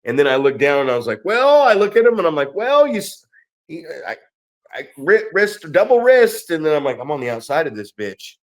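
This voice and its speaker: A man co-hosting a casual wrestling podcast, with a somewhat high voice for a man. He tells ring stories in an animated way, swears often and acts out the people in them. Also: a little fast.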